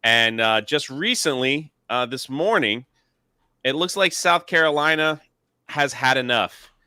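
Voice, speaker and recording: A man's voice: mid-range voice, lively intonation, a little slow, sharp tone, clear, resonant tone, dry recording, studio quality. A man hosting a casual show, talking through entertainment news with sarcasm and frequent fillers. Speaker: show host.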